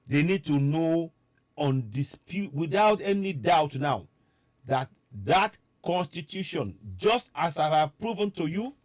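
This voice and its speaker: A man speaks with fervent, insistent energy on a live stream, his voice sitting fairly high. He hammers his points home through repetition, like a preacher. The sound is dry and close, with no room echo. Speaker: political commentator addressing diaspora viewers. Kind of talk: impassioned live-stream address.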